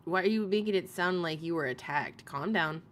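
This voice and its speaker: A woman's voice: on the low side, moderate pace, fairly bright tone, a little hiss or hum. Foul-mouthed woman streamer reading chat. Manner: profane, laughing, reads chat aloud. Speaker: commentary streamer. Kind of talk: casual commentary live stream.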